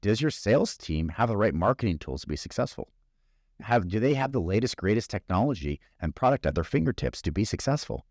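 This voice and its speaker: Man, very deep voice, lively delivery, motivational business talk, dry close sound. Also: brisk, no room sound. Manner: conversational, storytelling, asks rhetorical questions. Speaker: podcast host.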